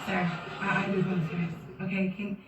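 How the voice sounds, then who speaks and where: A woman's voice: mid-range voice, little pitch movement, brisk, recorded from a distance, natural voice. A woman playing a flustered passenger having a bad day, apologizing and pleading to be driven. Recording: echoey, off-mic, loud noise.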